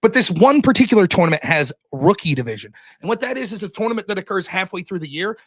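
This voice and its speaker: A young man telling a story on his stream in a profane, animated way, as the host of the show. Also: sits high, fast.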